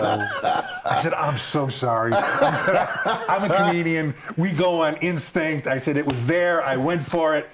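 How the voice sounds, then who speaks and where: A man's voice: fairly high pitch, unhurried, very noisy. A man, a stand-up comedian and guest, telling a road story and acting out the people in it. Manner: animated, acts out the people in his stories.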